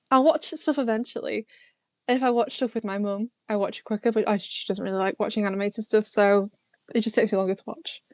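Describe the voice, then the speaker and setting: In this casual live Q&A, a YouTube host, a young woman from Lancashire, England, rambles and laughs a lot while replying to viewers' questions. Her voice is mid-range and recorded without echo.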